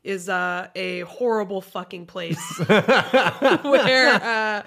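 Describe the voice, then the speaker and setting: A woman co-hosting a casual comedy podcast, dropping deadpan sarcastic quips. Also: mid-range voice, slow pace, vocal fry.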